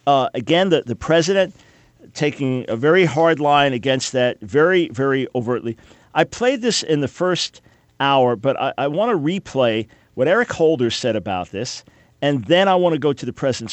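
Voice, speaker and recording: A man's voice: medium pitch, no echo. Emphatic sarcastic male talk radio host. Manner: emphatic, sarcastic, quizzing listeners rhetorically. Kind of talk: opinionated talk radio monologue.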